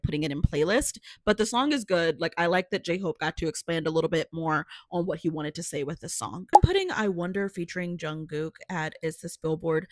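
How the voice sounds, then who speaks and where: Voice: medium pitch, no room sound. A young adult music reviewer chatting casually while ranking songs on a vlog, gushing over favorites and apologizing dramatically over the ones they dislike. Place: home.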